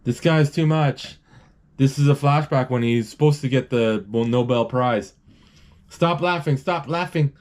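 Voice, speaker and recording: A man talking through a cartoon movie as it plays, casual and loose. He rambles, stops mid-word and starts over, and reads out lines from the screen. His pitch sits in an ordinary middle range. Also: steady tone, moderate pace, a little mellow. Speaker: movie describer. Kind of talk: casual live movie narration.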